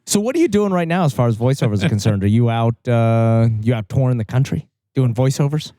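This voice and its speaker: A man's voice: medium pitch, fairly quick, no room sound, soft background music. A man hosting a podcast, chatting casually and joking with his guests. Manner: animated, joking. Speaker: host.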